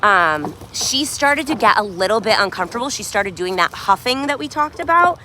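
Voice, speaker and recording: A woman dog trainer talking through a live outdoor training session, praising the dog in high excited bursts between her explanations. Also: normal speed. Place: outdoors by a sidewalk. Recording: faint outdoor noise, at times far from the camera.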